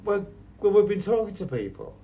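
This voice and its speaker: A man's voice: high voice, sing-song, a little fast, dull audio, slight background noise. A man, a photographer telling rambling anecdotes in an interview. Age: 70s. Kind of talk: conversational interview.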